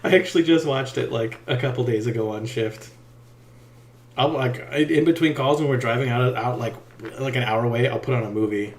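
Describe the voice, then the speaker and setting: A man's voice: mid-range voice, a little fast, reverberant. A man co-hosting a podcast, chatting casually with sarcasm, profanity and laughter. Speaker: podcast co-host. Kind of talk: casual chat.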